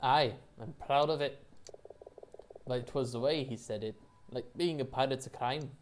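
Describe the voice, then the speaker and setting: Woman doing a gruff pirate frog captain. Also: rumbling low, a little slow. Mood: proud. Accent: mock Scottish.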